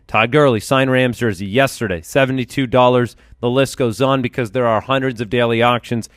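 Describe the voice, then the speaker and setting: Male podcast host, smooth and clear, upbeat, dry close mic. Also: mid-range voice, steady tone, no echo. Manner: upbeat, quick, lists items in bursts. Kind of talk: casual podcast chat and sponsor reads.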